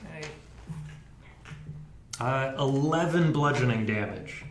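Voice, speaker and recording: A man's voice: mid-range voice, animated, slow pace. A man running a tabletop game as game master, describing scenes and explaining rules casually with fillers. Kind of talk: narrating and ruling a tabletop game. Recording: echoey room with faint noise.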